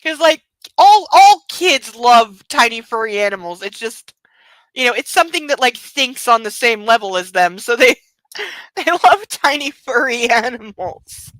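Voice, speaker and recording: A woman's voice: on the high side, very animated, measured pace, a bit bright, dry recording, rough recording. A young woman hosting an online book club, chatting and mocking the text with sarcastic asides. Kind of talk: sarcastic reading commentary.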